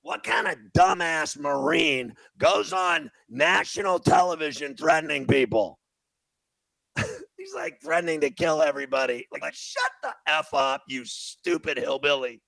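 Brief: male talk host, gravelly and sharp, lively swooping pitch, profane mocking rants. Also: unhurried, no echo. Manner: loud, profane, mocking ranting. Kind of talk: radio talk show rant.

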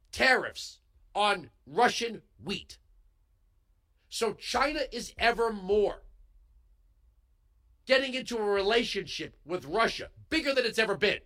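Heated bright-voiced male talk host. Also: very high-pitched. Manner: heated, emphatic, swings into yelling. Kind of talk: political commentary monologue. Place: radio studio. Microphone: studio broadcast microphone.

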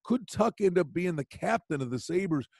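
Brief: lively male host, a bit high-pitched, animated storyteller, dry close mic. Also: normal speed, vocal fry, no room sound. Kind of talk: casual sports chat.

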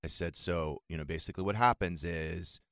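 A man's voice: sits low, brisk, fairly bright tone, no room sound, studio quality. A man co-hosting a radio show, telling wry, self-mocking stories in casual banter.

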